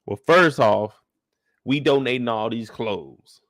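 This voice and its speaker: A man hosting a casual live recap of a series, talking in an animated, slangy, playful way. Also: mid-range voice, takes it slowly, no echo, studio quality. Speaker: show host recapping a series.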